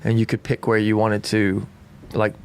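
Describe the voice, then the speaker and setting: A man's voice: lowish voice, monotone, moderate pace, smooth. A young man with an East Coast American accent and a slight British tinge, telling rambling stories with many restarts in a casual podcast chat. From Washington DC and Maryland area. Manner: rambling storyteller, full of restarts. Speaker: podcast co-host.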